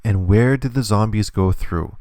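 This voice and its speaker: A man's voice: lowish voice, normal speed, darkish tone, no room sound, studio quality. A man teaching a hands-on lesson, explaining patiently step by step. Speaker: instructor.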